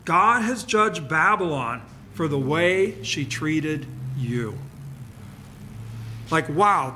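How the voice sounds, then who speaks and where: A man preaching a sermon, reading scripture dramatically and letting his voice fall to a hush on key words. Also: a little high, big pitch swings, takes it slowly, a little hiss or hum. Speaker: pastor.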